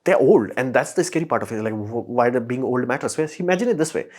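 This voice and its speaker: A man's voice: medium pitch, expressive, fast talker, a little mellow. A man hosting a casual opinion monologue, talking emphatically, swearing lightly and firing off rhetorical questions. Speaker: host.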